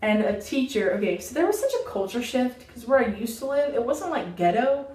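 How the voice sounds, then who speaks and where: Young woman, casual storytime vlog, dramatic, animated, roomy echo, distant mic. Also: on the high side, fairly quick. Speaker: vlogger.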